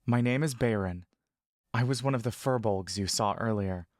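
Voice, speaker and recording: A man voicing a gentle male furbolg who speaks telepathically in a soothing, calm, reassuring voice with an elvish intonation. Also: on the low side, moderate pace, dry recording, close to an everyday voice. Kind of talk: audio drama narration.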